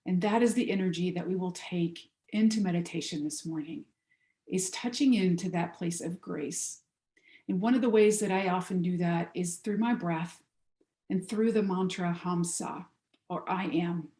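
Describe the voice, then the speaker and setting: Woman guest speaker, low-ish voice, gentle storytelling sermon, roomy video-call sound. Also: moderate pace. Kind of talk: spiritual talk leading into meditation.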